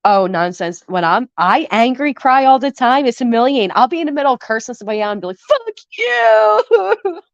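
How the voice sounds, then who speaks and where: Fresh off a bout of flu, a woman in her thirties banters with viewers on a live stream, answering their messages with blunt, profane honesty and sudden sentimental or indignant turns. Her voice runs a little high, close and dry with no room sound, and the audio is slightly muffled.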